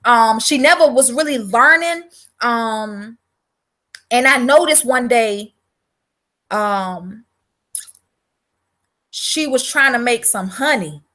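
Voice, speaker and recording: Woman, high bright voice, blunt profane livestream rant, fired-up and repetitive. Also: expressive, slow, long pauses. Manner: repeats words for emphasis. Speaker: vlogger selling herbal products.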